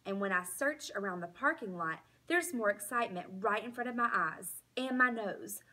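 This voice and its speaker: A woman teacher reading a children's storybook aloud in a slow, expressive way. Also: medium pitch.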